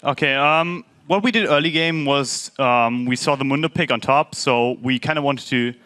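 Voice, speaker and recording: Bright-voiced pro gamer, methodical. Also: male voice, medium pitch, moderate pace. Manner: methodical, hesitant explanation. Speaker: pro gamer explaining strategy. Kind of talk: post-match interview answers.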